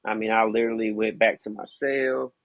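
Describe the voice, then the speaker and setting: A man's voice: lowish voice, little pitch movement, a little fast, fairly bright tone, dry recording, lo-fi sound. A man guesting on a podcast, casually and candidly telling a hard personal story, peppered with "you know what I mean.".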